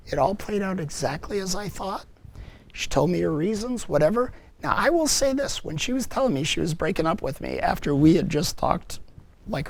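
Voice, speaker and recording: A man giving a personal testimony to a parents group, telling his story earnestly and reflectively, with halting restarts. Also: a little high, gravelly.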